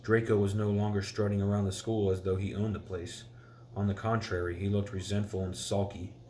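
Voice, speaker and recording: A man with a low, rather flat voice reads a storybook aloud to his child. He stumbles and restarts now and then, and stops to explain hard words. Faint background noise sits behind him. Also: a little fast. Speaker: parent reading to a child. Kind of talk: bedtime story reading.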